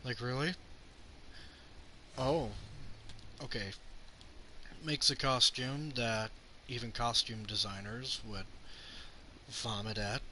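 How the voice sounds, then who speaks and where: A man's voice: mid-range voice, fairly even intonation, slow, long pauses, pushed and bright, a little hiss or hum. A young man ranting sarcastically about a film on his channel, swearing often and mocking characters' lines as he retells scenes. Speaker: channel host reviewing a film. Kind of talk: rambling profane movie rant.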